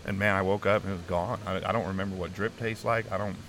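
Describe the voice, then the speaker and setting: A middle-aged man with a lowish voice tells his own story as an interview guest, earnest and emotional. He restarts his sentences often and keeps saying "man." A faint background noise sits under the recording. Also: fairly even intonation, fast, fairly bright tone. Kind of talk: candid personal testimony.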